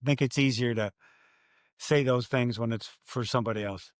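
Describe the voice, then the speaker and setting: An older man, a race announcer, telling stories in a podcast interview, animated and acting out his own quotes. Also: mid-range voice, normal speed, no room sound, studio quality.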